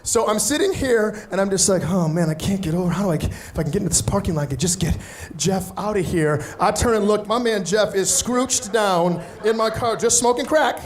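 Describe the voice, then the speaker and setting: Animated man telling a stand-up story. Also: high voice, brisk, hardly any pauses, a little hiss or hum. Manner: animated, acts out other people's voices. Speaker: stand-up comedian.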